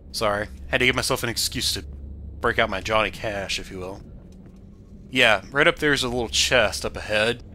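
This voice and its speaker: A man giving casual, animated commentary over his gameplay, now and then yelling at the game. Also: mid-range voice. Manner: animated, bursts into loud excited yelling at the game. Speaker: let's play commentator.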